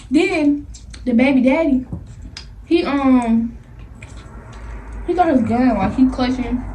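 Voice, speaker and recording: A young woman vlogger telling a story in an animated, slangy way, laughing often. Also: on the high side. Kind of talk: storytime vlog. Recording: somewhat distant mic with faint noise.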